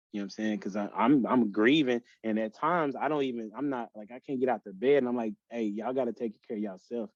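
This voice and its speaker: In an emotional, personal podcast conversation, a male guest halts often, restarting and filling pauses. His pitch is fairly low, and the audio is dry and dull.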